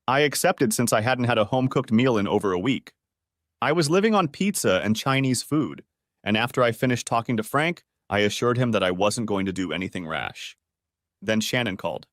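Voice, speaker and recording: A man's voice: lowish voice, lively intonation, fairly quick, a bit bright, no echo, studio quality. A man narrating a first-person story in a bitter, vengeful manner.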